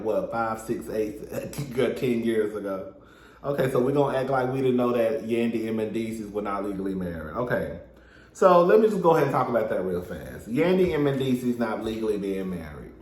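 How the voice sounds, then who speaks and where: A man giving a sassy, animated casual recap of a reality show, talking straight to his viewers. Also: medium pitch, roomy sound. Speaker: reality TV reviewer.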